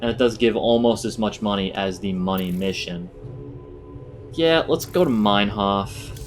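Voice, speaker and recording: A man's voice: fairly low pitch, a little slow, soft background music. A man giving casual let's-play commentary, chatty and thinking aloud. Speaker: gamer.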